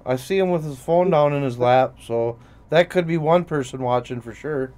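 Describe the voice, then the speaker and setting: A man's voice: mid-range voice, moderate pace, darkish tone. A man hosting a casual profane chat show with a Minnesotan accent, rambling and laughing as he mocks others. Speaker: host.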